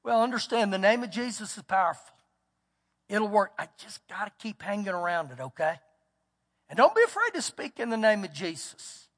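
With a voice that sits high, swings widely in pitch and carries a fairly bright tone, a male pastor preaches at a moderate pace. He tells a story emphatically, acting out quotations and repeating words for weight, in a church hall with long reverb.

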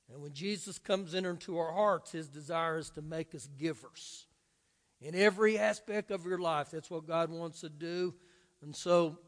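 A male pastor preaching an earnest, emphatic sermon in a church, drawing out key words of scripture for stress. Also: on the high side. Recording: long reverb of a large hall.

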